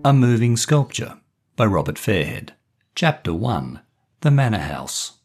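A man reading a short story aloud in a measured, expressive narration. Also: fairly low pitch, soft background music.

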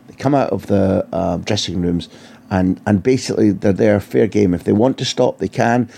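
A man's voice: lowish voice, moderate pace, vocal fry, mellow, slightly rough. A man, a football journalist telling vivid anecdotes in an interview, often restarting his phrases. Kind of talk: storytelling interview answers.

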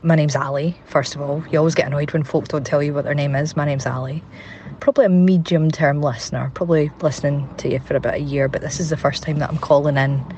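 A man's voice: on the high side, slight background noise. A man with a Glasgow accent calling in with a chatty, candid voice message, recorded on a phone. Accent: Scottish, Glasgow. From Scotland. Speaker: caller. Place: in a parked car outdoors.

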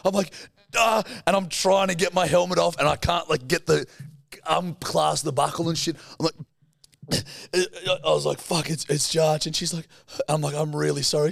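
A man's voice: a little high, fairly quick, creaky, a bit bright, no room sound, studio quality. A young man co-hosting a podcast, telling a story in casual chat, swearing freely and acting out what people said. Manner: swearing, laughing, acts out quotes. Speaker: podcast co-host.

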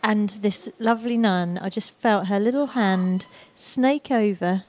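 A woman's voice: mid-range voice, unhurried. Woman, chatty storyteller, laughs at herself, podcast guest vibe. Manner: animated storyteller, self-deprecating. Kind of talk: casual chat, anecdote.

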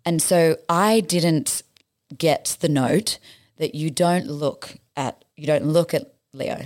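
A lowish-voiced Australian woman chats as a podcast guest. She tells her stories with energy, acting out what people said and laughing often. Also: takes it slowly. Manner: lively storyteller, acts out quotes, laughs often. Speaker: guest, stage actress. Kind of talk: casual interview chat.

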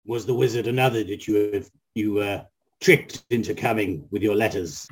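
A man's voice: fairly low pitch, normal speed, husky. A man playing a tabletop game with his game master, wry and joking. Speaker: player.

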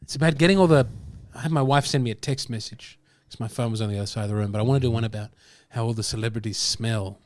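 A man's voice: medium pitch, quick pace, few pauses, no room sound. An Australian man with an Australian accent hosting a podcast, chatting casually and asking curious, teasing questions. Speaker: podcast host.

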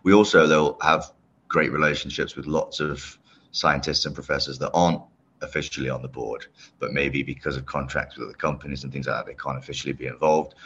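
A man's voice: very deep voice, steady tone, fairly quick, fairly bright tone, a little hiss or hum. A man from the UK as a podcast guest, explaining his work with enthusiasm. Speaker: guest, longevity company head. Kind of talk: podcast interview. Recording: dull lo-fi sound.

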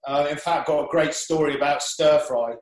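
A man's voice: a little high, steady tone, moderate pace, echoey room, low-quality recording. A man, a professional sailor, telling rambling anecdotes in casual chat, with frequent restarts.

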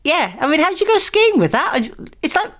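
A woman co-hosting a casual comedy chat, jokey and quick to laugh. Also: very high voice, very animated, fairly bright tone. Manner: chatty, laughing, jokey asides. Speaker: comedian co-host.

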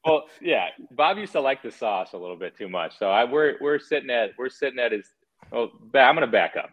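A man's voice: mid-range voice, animated, brisk, lo-fi sound. A man in his thirties, a former hockey player, telling stories as a guest on a casual podcast in a rambling way full of restarts. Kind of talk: casual storytelling chat.

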